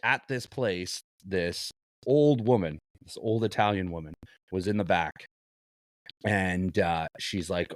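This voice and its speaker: Brief: man, podcast co-host, lowish voice, dry close mic, lively storyteller. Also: slow pace, no echo. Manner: animated anecdotes, swears, laughs. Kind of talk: casual podcast chat and storytelling.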